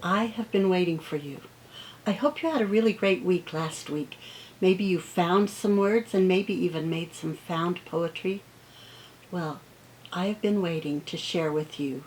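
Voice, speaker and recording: Teacher, female, unhurried read-aloud with playful sound effects, faint hiss behind. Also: on the low side, darkish tone, low-quality recording. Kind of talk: read-aloud lesson for children.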